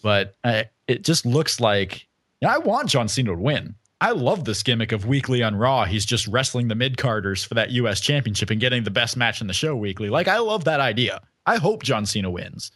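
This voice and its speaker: A man's voice: mid-range voice, big pitch swings, fairly quick, a bit bright, no echo, studio quality. A man co-hosting a casual podcast, thinking aloud and hedging his predictions. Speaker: podcast co-host.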